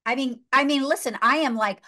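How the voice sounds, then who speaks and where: A woman guest tells a film story with mounting excitement, turning each scene into a spiritual lesson. She talks emphatically, doubles back on her words and punches key phrases. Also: high voice, fairly quick. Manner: excited, emphatic, repeats herself. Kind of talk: animated storytelling in a faith talk.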